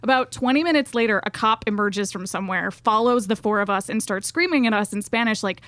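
This is a young woman co-hosting a podcast and telling a long travel story in a casual, chatty way. She pokes fun at herself. Her voice is mid-pitched and sounds dry and close to the mic. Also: fairly quick, hardly any pauses, fairly bright tone, no echo. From American South. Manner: chatty, self-deprecating storyteller. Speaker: podcast co-host.

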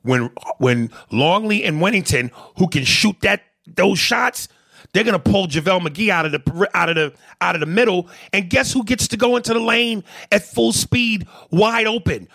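A man's voice: sits high, normal speed, gravelly, sharp tone, no room sound, clean studio sound. A man hosting a podcast, reading listener messages aloud and arguing basketball in blunt, profane casual chat. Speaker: podcast host.

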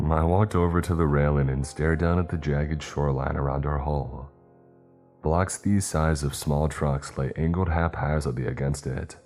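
A man narrating a scripted horror story in the first person, in a steady, even storytelling way. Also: a bass voice.

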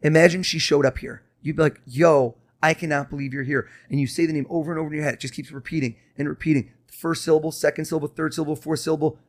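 A man with a slightly high voice rattles off rapid, insistent patter as he works a mind-reading trick on a podcast guest chair. He sounds like a performing mentalist: pushing, prompting, guessing out loud. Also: flat delivery. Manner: quick, insistent, showman patter.

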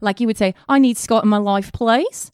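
A woman's voice: fairly high pitch, very animated, brisk, no echo, clean studio sound. A woman playing a chirpy female co-host in an improvised comedy scene.

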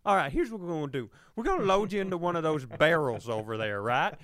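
A man's voice: on the high side, very animated, fast talker, a bit bright, dry recording, clean studio sound. A man putting on a Southern accent to voice a folksy backwoods doctor, with a hammy, drawling patter. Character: folksy rural male backwoods doctor, cheery.

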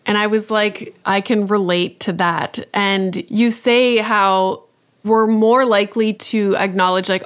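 A woman's voice: medium pitch, fairly even intonation, a little slow, clear, resonant tone. A woman hosting a podcast, talking in a relatable, conversational way. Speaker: podcast host. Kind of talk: podcast interview.

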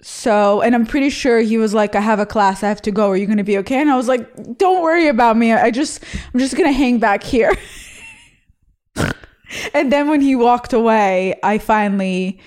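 This is a mid-range, slightly mellow female voice. She's a young host from Israel who reads listeners' stories aloud and responds with candid, raunchy humor and plenty of laughs in a relaxed chat.

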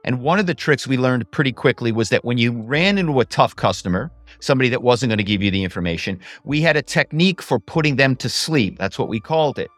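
A middle-aged man talking as an interview guest, with a dry, close sound and a mid pitch. He tells stories animatedly and acts out other people. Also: quick pace, few pauses, no echo. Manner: animated, slips into voices. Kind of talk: storytelling interview answers.

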